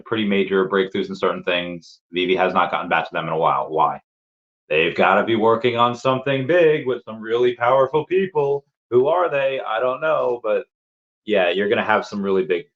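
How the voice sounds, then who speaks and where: A man's voice: fairly low pitch, moderate pace, dull audio. A man hosting a casual crypto livestream, reading chat comments and rambling with lots of fillers and repeated words.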